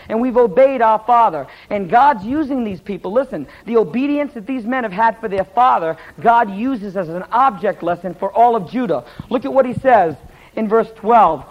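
High-voiced male preacher telling a story. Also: normal speed, muffled recording. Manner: lively storytelling, stumbles over hard names. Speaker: pastor. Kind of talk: sermon.

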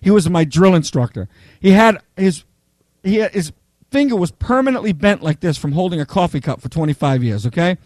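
A male pastor with a high voice delivers a sermon full of animated stories. He keeps checking in with the congregation with a quick "okay?" or "right?". The sound is close and dry, with no room echo.

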